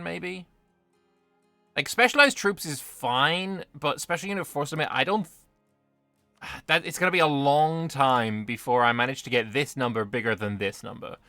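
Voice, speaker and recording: British guy swearing his way through a strategy game stream, crisp bright voice with lots of fry. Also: mid-range voice, dry recording. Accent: British English. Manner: banter with chat, swearing. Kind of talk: gaming livestream commentary.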